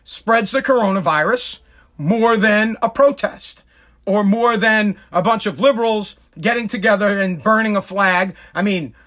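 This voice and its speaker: Sarcastic, bright-voiced man ranting. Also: high-pitched, a little slow. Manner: mocking, shifts into exaggerated mimicking voices. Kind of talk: sarcastic political rant.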